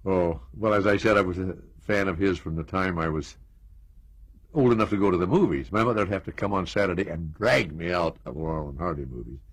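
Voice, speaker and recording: Husky older man telling stories. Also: low voice, brisk, no room sound. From United States. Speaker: interview guest. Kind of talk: reminiscing interview.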